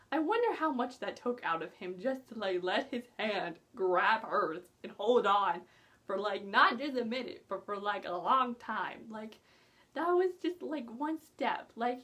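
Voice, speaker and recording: Gushing young woman with a lively voice. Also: on the high side. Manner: gushing, excitable, giggly. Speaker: book reviewer. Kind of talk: casual book review vlog.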